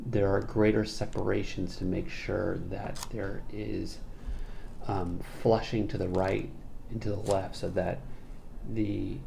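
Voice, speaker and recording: A man lectures on poetry in a low, gravelly, mellow voice. He talks slowly and deliberately, pausing to scan each line of verse aloud. A faint hiss sits under the recording. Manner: explanatory, reads verse aloud slowly and scans its meter. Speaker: literature lecturer.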